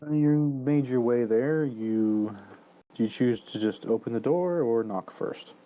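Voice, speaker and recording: A man narrating a tabletop game as dungeon master, in a relaxed, casual manner. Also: medium pitch, unhurried, narrow, tinny audio.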